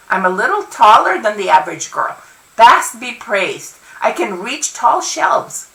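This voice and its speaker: A woman author reading her own novel aloud in an expressive first-person narration. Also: fairly high pitch, creaky. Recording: roomy, from far off.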